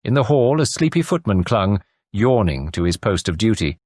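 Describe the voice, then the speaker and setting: A man narrating a classic detective audiobook in measured storytelling. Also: on the low side, very animated, darkish tone, no room sound, clean studio sound. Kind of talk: scripted narration.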